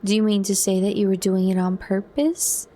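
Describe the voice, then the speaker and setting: A man's voice: high voice, flat delivery, moderate pace, mellow, natural voice. A woman voicing a nervous, apologetic young man with a hesitant manner in a whispered role-play. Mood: earnest.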